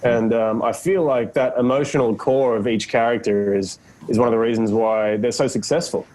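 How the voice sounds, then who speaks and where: A man's voice: mid-range voice, steady tone, normal speed, a little mellow, poor audio. An Australian man in his thirties, a guest in a casual interview on a video call, laid-back and self-deprecating, laughing often. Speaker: actor guest.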